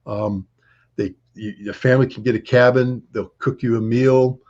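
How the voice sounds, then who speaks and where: A man telling travel anecdotes in an interview, rambling with many fillers, restarts and laughs, his voice husky. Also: mid-range voice, fairly even intonation, normal speed, a little mellow. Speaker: interview guest. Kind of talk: conversational storytelling. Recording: dull lo-fi audio.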